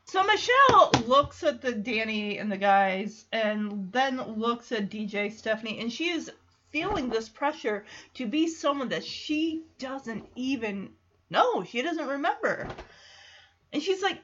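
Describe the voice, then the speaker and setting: Brief: woman podcast host, high voice, animated casual recap, slightly dull lo-fi mic. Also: measured pace. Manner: animated retelling with acted-out quotes.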